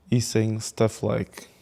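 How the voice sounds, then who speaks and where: A man's voice: fairly low pitch, vocal fry, warm tone, husky. A man in a casual game commentary, rambling with many restarts and laughing at his own jokes. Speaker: gaming video creator.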